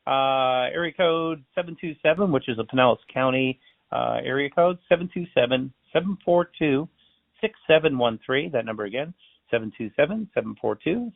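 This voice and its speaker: A man's voice: on the high side, vocal fry, no echo. A man, a balloon artist and magician, telling stories in a casual interview, acting out the voices in them. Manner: chatty, animated storyteller acting out dialogue. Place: based in Florida. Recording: tinny phone-line sound.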